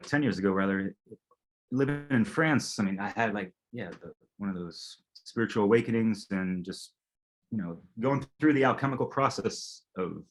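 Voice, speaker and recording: A man interviewing an old friend in casual chat, hesitant, with many fillers and trailing thoughts. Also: on the low side.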